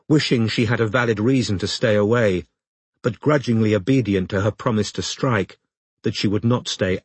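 A man reading a novel aloud as audiobook narrator, in steady, even storytelling. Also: lowish voice, slightly rough, no echo. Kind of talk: scripted narration.

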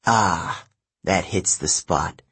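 A man playing a calm, overworked courier who talks in an easygoing, slightly weary way. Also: deep voice, extremely slow, breathy edge, voice pushed down, full character voice. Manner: relaxed and easygoing, a little weary.

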